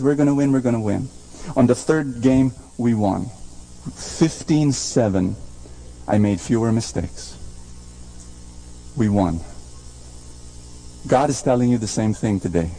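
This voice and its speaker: A man preaching a sermon in a church, swinging between high ringing calls and low quiet lines, repeating phrases and having the crowd say them back. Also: low-quality recording.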